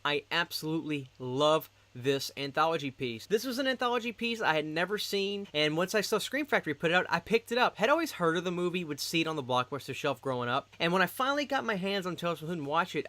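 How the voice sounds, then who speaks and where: A man's voice: a little high, bright, forceful tone, dry recording. Enthusiastic male horror vlogger. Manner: enthusiastic, repeats "really, really". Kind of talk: casual ranking vlog to camera. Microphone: desk microphone.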